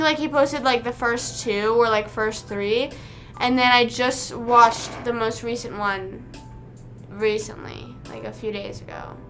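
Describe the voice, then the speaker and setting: A young woman with a fairly high, bright voice rambles through a casual livestream chat, leaning on "like" at every turn. Faint music plays behind her at her home streaming setup. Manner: rambling, chatty, full of "like" fillers.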